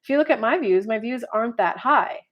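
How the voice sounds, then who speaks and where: A woman's voice: a little high, lively intonation, fairly quick, highs cut off. A woman life coach and tarot reader talking casually to viewers in a rambling, chatty way with many filler words. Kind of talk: casual horoscope video monologue.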